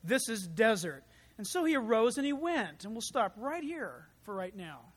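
A pastor preaching a verse-by-verse Bible study sermon, with animated storytelling and humorous asides. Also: mid-range voice, moderate pace, husky, big-room sound. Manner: acts out quoted voices.

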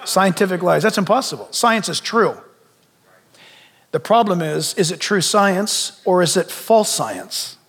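A man's voice: high-pitched, fairly bright tone, breathy edge. A male pastor preaching a sermon, emphatic, repeating phrases and asking rhetorical questions of the congregation. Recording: long hall reverb.

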